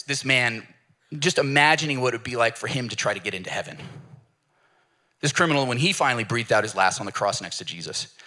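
Animated, lively-voiced male pastor preaching. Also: medium pitch. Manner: animated storytelling with acted voices. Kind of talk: sermon.

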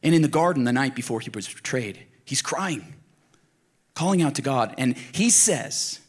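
An earnest man preaching in a relaxed, conversational way, like a pastor speaking straight to his congregation. His voice sits at an ordinary middle pitch, and he leans hard on key words to make a point. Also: normal speed, breathy edge. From Colorado, United States. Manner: earnest, emphatic, talks straight to the listeners. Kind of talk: conversational sermon.

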